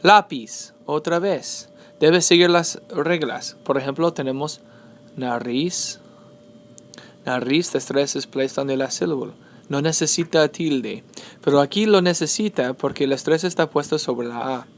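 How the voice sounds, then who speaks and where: A man teaching Spanish spelling and stress, switching between English and Spanish and repeating words slowly. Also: fairly high pitch, slight background noise. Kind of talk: classroom explanation of Spanish spelling.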